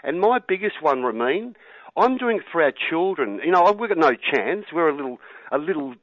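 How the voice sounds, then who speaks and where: A man's voice: on the high side, sing-song, normal speed, no room sound, muffled recording. An Australian man calling in to a radio show, earnest and rambling, often saying mate. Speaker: caller. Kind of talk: call-in radio talk.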